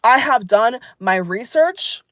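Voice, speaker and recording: A woman's voice: on the high side, expressive, slow pace, fairly bright tone, dry recording, studio quality. Angry woman ranting to her viewers. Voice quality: emphatic, repeats phrases, addresses viewers as guys. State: angry and upset. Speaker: vlogger. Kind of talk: angry political rant to camera.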